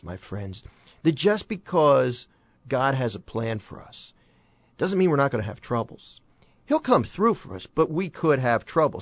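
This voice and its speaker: A man's voice: mid-range voice, no room sound. A man hosting a music program who teaches from the Bible in a plain, conversational way, asking rhetorical questions and adding folksy asides. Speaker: host and preacher.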